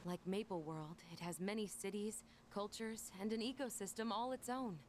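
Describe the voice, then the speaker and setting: An actress voicing a female game character from another realm, speaking calmly and explaining. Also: mid-range voice, normal speed, a little hiss or hum, lightly acted. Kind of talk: voiced game dialogue.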